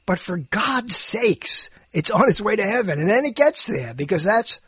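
Older man, husky and fairly high, rambling musing monologue, dry close sound. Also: big pitch swings, moderate pace, fairly bright tone, dry recording. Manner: musing, meandering, self-interrupting, chuckling.

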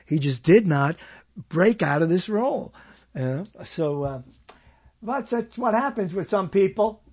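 A man's voice: high-pitched, lively intonation, a little slow, a little mellow, breathy edge. A man hosting a talk show in casual chat, rambling and trailing off mid-thought. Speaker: show host.

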